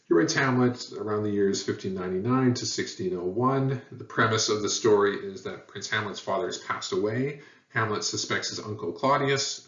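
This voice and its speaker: A man's voice: on the low side, a bit bright. A man teaching a lesson, explaining at an easy pace with frequent ums and uhs. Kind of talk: lecture on language history. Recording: echoey room, dull sound, mic at a distance.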